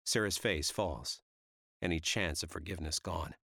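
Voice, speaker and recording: A man's voice: sits low, normal speed, pushed and bright, no echo, studio quality. A man giving tense, vivid first-person audiobook narration.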